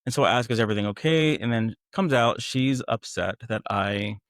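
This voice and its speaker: A man's voice: fairly low pitch, brisk, fairly bright tone, dry recording, clean studio sound. A young man candidly recounting a painful personal story as a guest, conversational and quoting others as he goes. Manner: conversational, quotes others in acted voices.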